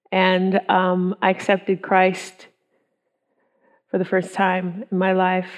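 A middle-aged woman shares her testimony with a women's group. She speaks slowly and earnestly in a fairly low voice, chatty, with ums and quoted thoughts.

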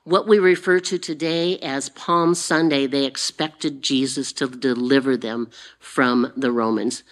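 Slow, low-voiced woman preaching. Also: steady tone. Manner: unhurried, repetitive preaching with fillers. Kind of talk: sermon.

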